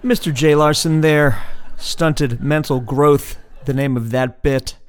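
A man's voice: fairly high pitch, slow pace. A man hosting a podcast, casually announcing the comedy clips he has just played. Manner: relaxed, conversational back-announcing. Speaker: podcast host. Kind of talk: casual spoken introductions between clips.

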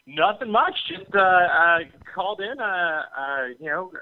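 A man calling in to a talk show, chatting casually and hesitating with lots of filler pauses. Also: high-pitched, big pitch swings, no room sound. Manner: halting, many filler pauses. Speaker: caller. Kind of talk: casual chat on a call-in show. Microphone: phone. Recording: tinny phone line.

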